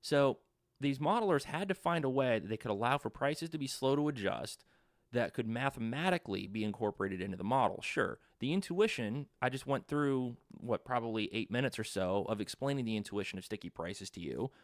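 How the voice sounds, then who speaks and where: A man's voice: mid-range voice, animated, a little fast, dry recording, clean studio sound. A man in his thirties giving a casual economics lecture, informal and chatty, full of asides and the odd swear word.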